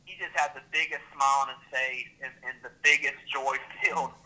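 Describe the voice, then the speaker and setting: A man, a teacher, telling a faith story with lively repeats and restarts. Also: medium pitch, brisk, low-quality recording. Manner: animated, repeats words and restarts. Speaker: teacher and Christian club leader.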